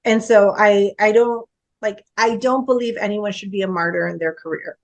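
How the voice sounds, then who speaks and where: A woman who is a guest author on a podcast about education, telling stories in an animated way and acting out what people said. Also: medium pitch, moderate pace. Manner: animated storytelling, acts out quoted speech. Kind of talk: casual podcast conversation.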